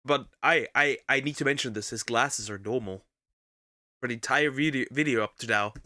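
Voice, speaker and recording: A man's voice: medium pitch, moderate pace, sharp tone, dry recording, studio quality. A man reacting to a video as a streamer, talking casually and bluntly with some swearing. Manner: blunt, profane, ranting.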